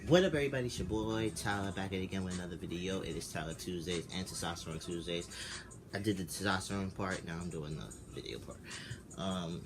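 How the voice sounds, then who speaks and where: A man in his twenties with a deep, low-pitched voice tells a personal story straight to camera in a casual vlog. He sounds like he has just woken up, rambles with restarts and swears freely. A steady background hum of ambience sits under the recording. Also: quick pace. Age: 20s. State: just woke up. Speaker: vlogger.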